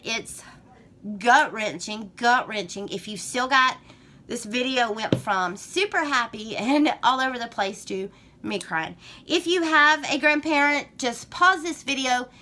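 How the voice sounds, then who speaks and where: A woman's voice: on the high side, pushed and bright. A woman with a Southern US accent chatting through a get-to-know-me tag vlog, rambling and gushing. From Georgia, US. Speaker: vlogger.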